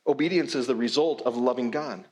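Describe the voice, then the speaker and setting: A man's voice: medium pitch, brisk, darkish tone. A male pastor preaching a sermon in a church, with a conversational, emphatic delivery and frequent repeated words. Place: church sanctuary.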